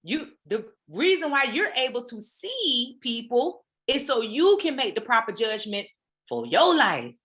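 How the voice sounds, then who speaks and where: Woman preaching motivation, bouncy pitch, playful, slangy. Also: very animated, a little slow, fairly bright tone. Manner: preachy, playful, uses Black American slang. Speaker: motivational host. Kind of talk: motivational talk. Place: home, online session.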